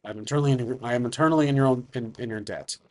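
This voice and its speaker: A man voicing a stoic grown warrior son in a solo tabletop role-play, speaking low, measured and formal. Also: a little mellow, natural voice. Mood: solemn.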